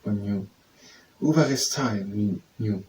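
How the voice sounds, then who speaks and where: A man's voice: on the low side, a little mellow. Man practicing French phrases. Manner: slow, repetitive, trying out pronunciations. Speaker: language and exercise tutor. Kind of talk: practicing French phrases aloud, then leading exercises. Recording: distant mic with faint background noise.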